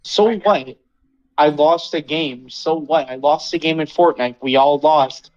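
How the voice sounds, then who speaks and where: A man's voice: fairly high pitch, unhurried, dull audio. A young man hosting a casual podcast, ranting with lots of swearing and acting out what others said. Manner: animated swearing rant, acts out quotes. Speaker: podcast host. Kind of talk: casual chat.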